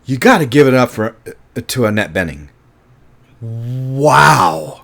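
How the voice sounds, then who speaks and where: A man's voice: medium pitch, very animated, slow, gravelly, a bit bright. A man giving a casual film review monologue, emphatic and passionate, swearing often and restarting his sentences.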